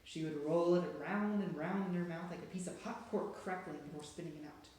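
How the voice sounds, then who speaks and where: Brief: storybook narrator, dramatic and suspenseful, mid pitch, very echoey room, faint hum. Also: brisk. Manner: dramatic, hushed and then rising with suspense. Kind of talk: storybook read-aloud narration.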